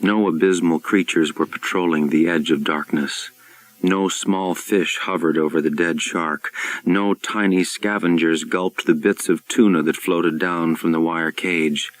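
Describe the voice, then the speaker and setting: A man reading a novel aloud in a steady, measured narration. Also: low voice, low-quality recording. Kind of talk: audiobook-style reading.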